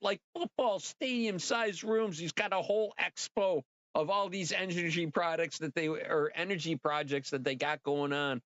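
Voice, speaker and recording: Rambling, excitable man on a livestream. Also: fairly high pitch, dry recording, lo-fi sound. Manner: rambling and excitable, swears freely, talks straight to viewers. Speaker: livestream host. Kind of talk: casual livestream chat.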